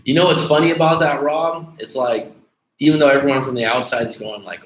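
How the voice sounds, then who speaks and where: A man's voice: medium pitch, fast talker. A man hosting a dating coaching livestream, chatting casually and bluntly with viewers, swearing freely and calling them dude. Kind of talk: casual livestream chat reading viewer comments. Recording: echoey room with faint background noise.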